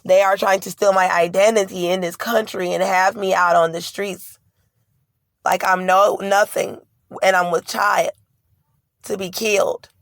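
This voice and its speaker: A pregnant vlogger speaks to camera about a frightening ordeal, her account urgent, rambling and fearful. Her voice is medium-pitched, gravelly and a bit bright, with a steady tone and measured pace. The recording is dry.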